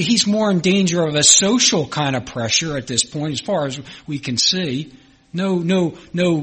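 A man's voice: fairly high pitch, fairly bright tone, breathy edge, low-quality recording. A man from Philadelphia with a Philadelphia accent, preaching a sermon in an earnest way and repeating phrases for emphasis. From Philadelphia, United States.

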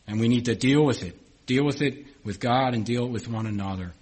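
This middle-aged pastor's sermon is earnest and repetitive, with frequent restarts and a swell in volume on key phrases. He speaks a little fast in a mid-range voice that carries a breathy edge.

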